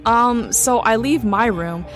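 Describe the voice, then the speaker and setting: A woman's voice: a little high, takes it slowly, faint music behind. A young woman casually recounting a true ghost story in a chatty way, full of "like" and "um" fillers. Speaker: guest storyteller.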